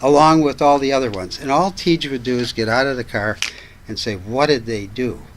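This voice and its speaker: A man's voice: mid-range voice, fairly quick, slight background noise, poor audio. An older man, a guest on a talk show, telling family stories in a chatty, anecdotal way and laughing as he goes. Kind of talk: casual storytelling chat.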